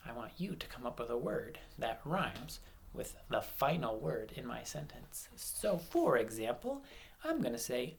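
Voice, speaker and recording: A man gives an online lesson to young children in a playful, animated way. He speaks slowly and deliberately, drawing his words out. His pitch swings widely, and his voice has a gravelly rasp. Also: slight background noise. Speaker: primary school teacher.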